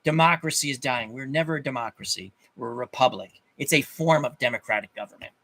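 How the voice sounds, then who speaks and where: A man's voice: medium pitch, fast talker, creaky, pushed and bright. A man ranting to his viewers in an angry, profane monologue, often repeating himself and restarting his sentences. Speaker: channel host.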